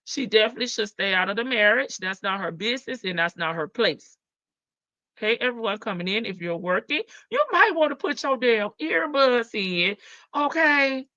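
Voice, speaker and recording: Sassy woman live-stream host, bright voice, brash and profane, dull lo-fi audio. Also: on the high side, expressive, normal speed, no room sound. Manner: sassy, brash, swears freely and laughs often. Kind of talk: casual live-stream commentary. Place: home in Las Vegas.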